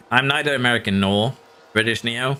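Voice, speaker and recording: A man's voice: medium pitch, sharp tone, clean tone. A Norwegian man, a streamer, chatting casually with his live audience while playing, answering chat and chuckling often. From Norway.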